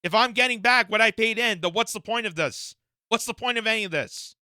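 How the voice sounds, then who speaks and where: A man's voice: high voice, brisk, pushed and bright, dry recording, studio quality. A man from Canada giving indignant reaction commentary, firing off rhetorical questions with frequent fillers. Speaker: political commentator.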